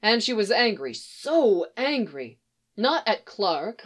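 A woman reading a story aloud in a measured, somber narration. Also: mid-range voice. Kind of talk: audiobook narration.

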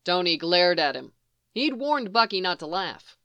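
Smooth-voiced woman reading a story. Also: fairly low pitch, a little slow, no room sound. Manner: even storytelling narration. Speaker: reader. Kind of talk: reading fan fiction aloud.

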